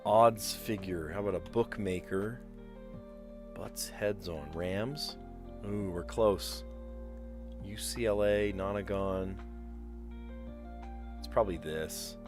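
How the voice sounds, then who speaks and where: Streamer, male, low voice, casual think-aloud puzzle talk, faint music underneath. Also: slow pace, pauses often. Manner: thinks aloud, muttering guesses; chatty with viewers. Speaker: streamer solving word puzzles.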